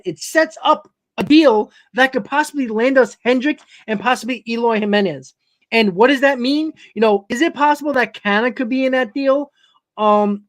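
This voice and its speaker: A man's voice: very high-pitched, a bit bright. A man with a New York accent hosting a live-stream sports talk show, rambling and often correcting himself as he answers his chat. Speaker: host.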